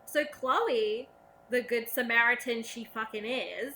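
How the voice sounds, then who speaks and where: Profane, bright-voiced young woman ranting. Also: a little high, slow pace, a little hiss or hum. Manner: profane, sarcastic, animated ranting with mocking quoted voices. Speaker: vlogger. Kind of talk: casual rant to camera.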